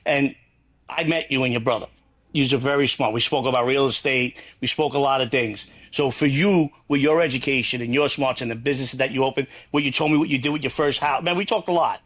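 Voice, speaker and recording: A man's voice: medium pitch, fairly quick, a bit bright. A man, a guest in a casual interview, talking bluntly in long, rambling runs and swearing freely. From New York.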